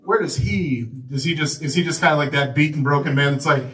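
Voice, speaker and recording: A male comedian doing laid-back crowd work, chuckling, halting over fillers. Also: fairly high pitch, fairly bright tone, distant mic. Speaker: comedian and host. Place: comedy club stage. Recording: roomy club sound from afar, crowd. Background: audience laughter.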